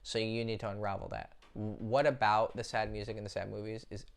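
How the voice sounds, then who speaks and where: A man's voice: lowish voice, little pitch movement, brisk, vocal fry. A young man giving dating advice as a coach, blunt and profane, talking straight to the viewer in a casual monologue.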